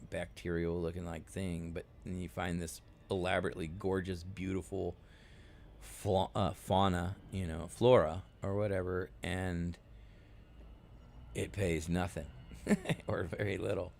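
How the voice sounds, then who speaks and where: Gravelly low-voiced man rambling. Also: little pitch movement, measured pace, darkish tone, slight background noise. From United States. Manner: rambling, laid-back, many fillers. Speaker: game streamer. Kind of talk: casual live-stream chat while gaming.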